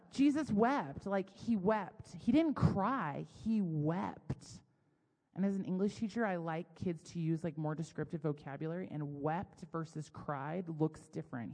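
A middle-aged woman giving a casual, self-deprecating sermon full of personal stories. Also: deep voice. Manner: chatty, self-deprecating, animated storytelling. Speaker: speaker at a church gathering. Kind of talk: conversational sermon. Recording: long hall reverb.

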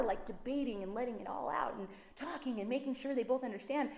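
A woman giving a casual Bible teaching, chatty and animated, acting out the people she quotes. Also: fast, vocal fry, hardly any pauses, roomy sound. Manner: chatty and animated, acts out quotes with rising pitch.

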